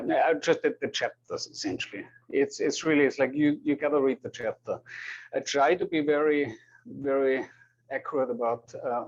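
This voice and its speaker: Man, Austrian German accent, husky voice, hesitant lecturer, dull lo-fi classroom recording. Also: medium pitch. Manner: hesitant, repeats words, apologetic. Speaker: university lecturer. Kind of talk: classroom lecture and roll call.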